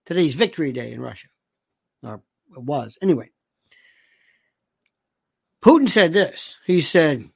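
A man's voice: sits high, big pitch swings, measured pace, creaky, long pauses, husky. Male show host, casual rant, sarcastic and exasperated, with lots of rhetorical questions and restarts.

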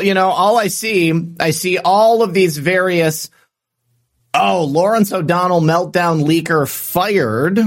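Chatty male live-stream host, higher voice. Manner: reads viewer comments, chatty, offhand asides. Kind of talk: casual live-stream chat.

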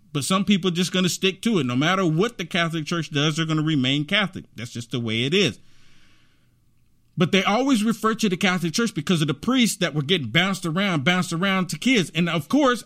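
A man delivers opinion commentary on a livestream. He talks in a preachy, emphatic way and leans toward indignation. His voice sits slightly high. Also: fairly bright tone. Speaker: commentary host.

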